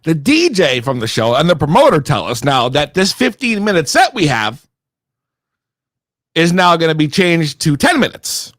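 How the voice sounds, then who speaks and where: Heated, profane young man with a high voice. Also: moderate pace, no echo. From Connecticut. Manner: profane, heated, animated storytelling; slangy and rambling with restarts. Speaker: podcast regular telling a story. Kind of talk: casual storytelling.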